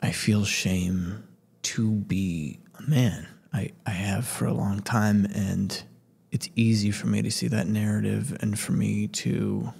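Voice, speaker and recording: A man co-hosting a podcast, talking in a slow, gentle, reflective way. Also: lowish voice, steady tone, vocal fry, breathy edge. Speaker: podcast co-host. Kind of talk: casual chat.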